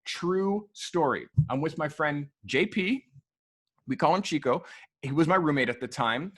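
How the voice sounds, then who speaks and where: A man telling stories about his photography work in a casual, animated way, swearing freely and acting out what people said. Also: on the high side, a little slow, husky. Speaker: photographer guest. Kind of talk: casual storytelling. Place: podcast studio.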